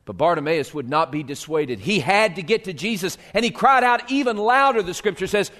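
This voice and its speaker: A male pastor preaching a sermon, swinging from hushed, slow lines to loud, rising appeals. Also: high voice, lively intonation.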